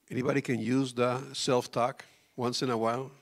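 A man preaching a sermon as a pastor, swinging between loud outbursts and soft near-whispers and questioning his congregation directly. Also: mid-range voice, level tone, normal speed.

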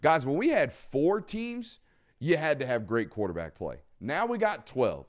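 A man hosting a live sports talk show, emphatic and blunt, repeating points for stress. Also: mid-range voice. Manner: blunt, casual swearing. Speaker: podcast host.

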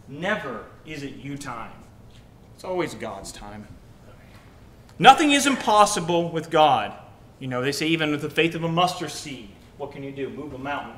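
A young man preaching a sermon with a personal story, animated, acting out quotes and swinging from loud to soft. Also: moderate pace. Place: church. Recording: echoey church hall, mic at a distance, faint rumble.

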